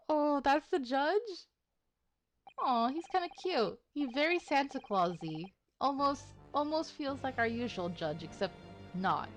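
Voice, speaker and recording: A woman's voice: high voice, animated, slow, pauses often, faint music behind. A woman giving chatty, giggly commentary as she plays a story game, with a tired throat from doing voices. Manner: chatty, giggly, self-deprecating. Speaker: gaming streamer. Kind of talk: casual let's-play commentary.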